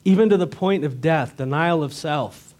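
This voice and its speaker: Male pastor, sermon, earnest, rhetorical questions, slightly high pitch. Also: normal speed, a little mellow.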